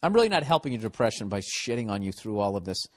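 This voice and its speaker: A man's voice: fairly low pitch, very animated, quick pace, no echo. A man with a Boston accent hosting a comedy podcast, reading a listener's letter aloud and mocking it in a sarcastic, profane rant. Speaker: podcast host.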